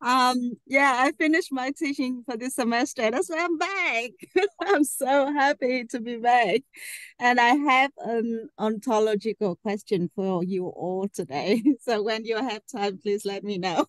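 Cheerful, giggly woman student, slow talker, dry close audio. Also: on the high side, dry recording. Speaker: graduate student and teacher. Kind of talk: casual video call chat. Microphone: video call.

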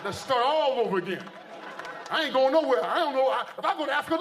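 A man from the United States doing live stand-up, telling stories in an animated, exaggerated way. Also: very high voice, quick pace, crowd noise, noisy background. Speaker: stand-up comedian. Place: stage before a live audience. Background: faint audience laughter.

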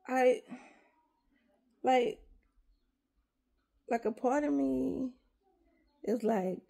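A woman's voice: high voice, vocal fry, darkish tone. A middle-aged woman, rambling emotionally to her viewers in a casual confessional vlog, on the verge of tears. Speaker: vlogger.

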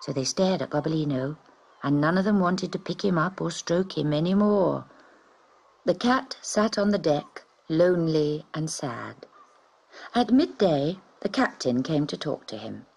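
Expressive woman reading a children's story. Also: low voice, measured pace, gravelly, husky, rough recording.

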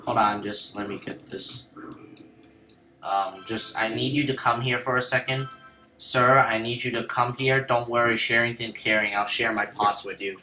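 Excitable young man narrating his gameplay. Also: medium pitch, normal speed, echoey room, faint music behind. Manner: excitable, jokey, repeats phrases. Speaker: gameplay commentator. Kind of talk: casual gameplay commentary.

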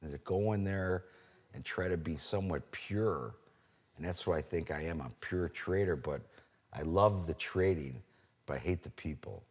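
A man's voice: sits low, normal speed, husky. A man, a floor trader, telling blunt, profane stories in a documentary interview.

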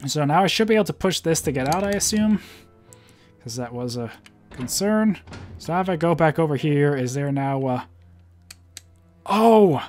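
A man's voice: a little high, animated, fairly quick, a little mellow. Gamer commentary: a man thinking aloud through a puzzle, hesitant fillers, faint game music underneath. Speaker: let's play gamer. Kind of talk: casual gameplay commentary and reading dialogue aloud.

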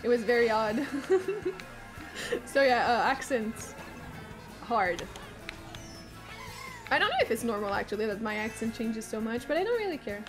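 A woman's voice: on the high side, big pitch swings, moderate pace, long pauses. Quebec woman streamer, strained voice. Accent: Quebec French. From Quebec, Canada. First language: French. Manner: chatty, swears a lot, laughs often. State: voice giving out, sore throat. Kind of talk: casual gaming stream chat. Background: game music.

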